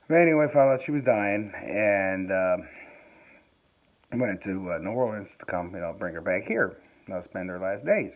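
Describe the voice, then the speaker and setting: A man vlogging from home during a power outage, telling a rambling story into his phone, chuckling and swearing as he goes. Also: fairly low pitch. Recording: tinny phone-like sound.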